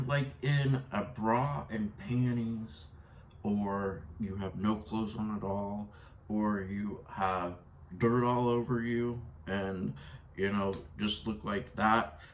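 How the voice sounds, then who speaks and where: A man's voice: fairly low pitch, a bit bright, slight background noise, rough recording. A man vlogging in a casual, rambling storytime chat, full of fillers. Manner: rambling, chatty, with many fillers.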